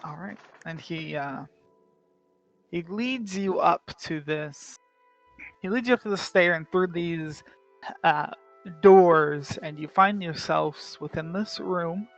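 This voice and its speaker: A man's voice: fairly high pitch, takes it slowly, a bit bright, soft background music, low-quality recording. A man narrating as dungeon master in a casual way, full of fillers and self-corrections. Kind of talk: narrating a tabletop game.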